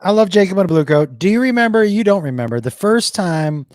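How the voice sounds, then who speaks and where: A middle-aged man tells stories with a voice that swings widely in pitch. He swears freely and acts out the dialogue, recorded dry and close to the mic. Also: lively intonation, a little fast, a little mellow, dry recording. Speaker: podcast co-host. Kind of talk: casual storytelling chat.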